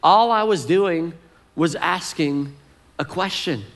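A man voicing an exasperated younger brother protesting in a higher, whiny voice. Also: slow pace. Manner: defensive, whining protest.

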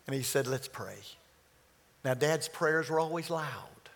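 A man in his sixties preaching, telling stories and slowing down on key phrases. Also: on the high side, fairly even intonation, fairly bright tone. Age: 60s. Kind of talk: sermon storytelling.

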